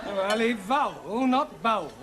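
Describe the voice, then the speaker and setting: An actor playing a patient, wry male English teacher who explains things slowly. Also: sits high, lively intonation, very noisy.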